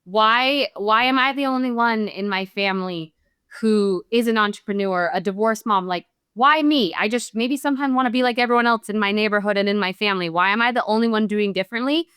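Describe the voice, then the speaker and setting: A woman's voice: mid-range voice, a little fast, a bit bright, clear, resonant tone, no room sound, clean studio sound. A middle-aged woman speaking as a podcast guest, reflective, earnest and heartfelt. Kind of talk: reflective interview talk.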